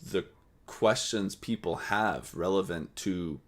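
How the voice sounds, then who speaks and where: Host, male, low voice, earnest reflective commentary that thinks aloud between clips. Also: slow pace. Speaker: channel host. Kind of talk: commentary on a played panel.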